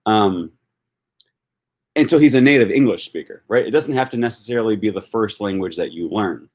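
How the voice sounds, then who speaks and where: Low-voiced man musing in casual livestream chat. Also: expressive, moderate pace, darkish tone. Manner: thinks aloud with many fillers, answers viewer comments. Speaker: language-learning YouTuber hosting a live discussion.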